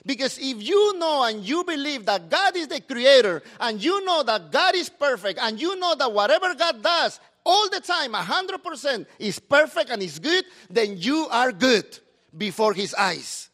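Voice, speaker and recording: A middle-aged man, a pastor preaching a sermon in a lively, talkative way. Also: very high voice, normal speed, few pauses.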